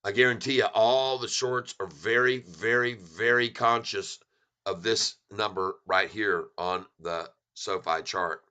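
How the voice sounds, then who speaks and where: A middle-aged man giving excited, folksy commentary on a stock chart, repeating himself for emphasis and calling his viewers folks. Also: fairly low pitch, measured pace, clear, resonant tone.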